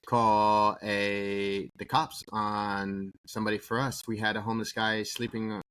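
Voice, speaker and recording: Low guy telling a quick story, sits back from the mic, dry sound. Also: level tone, fairly bright tone, clean tone, no echo, recorded from a distance, low-quality recording. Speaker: podcast co-host. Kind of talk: casual chat.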